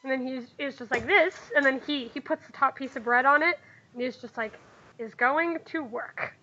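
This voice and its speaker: A chatty woman runs a tabletop game and laughs often. Her voice is high and bright. The recording is dull and lo-fi. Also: brisk, slight background noise. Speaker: game master.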